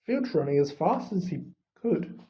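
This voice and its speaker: Brief: slow, deliberate audiobook narrator, mid pitch, muffled home recording. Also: big pitch swings, dark tone. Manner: measured, unhurried reading. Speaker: audiobook reader. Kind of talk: storybook narration.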